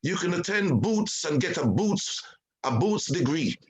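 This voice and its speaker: A man's voice: high voice, big pitch swings, a little slow, poor audio. A man, a show host, giving an impassioned talk, emphatic and preachy with many rhetorical questions. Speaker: show host, guest speaker. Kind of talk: impassioned talk on identity and culture.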